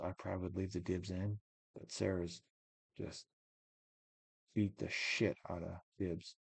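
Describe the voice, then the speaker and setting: A man with a low, gravelly voice commentates a card game in a relaxed, thinking-aloud way. His tone is dark and mellow, recorded close and dry. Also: no echo. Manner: musing, thinks aloud with many maybes. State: yawning, tired. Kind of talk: casual match commentary.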